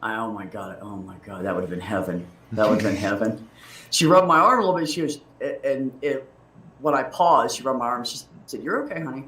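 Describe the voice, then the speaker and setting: A man's voice: on the low side, fairly quick, pushed and bright. A man telling a personal story in casual chat, candid and emotional, rambling with restarts and laughs. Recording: roomy, distant mic.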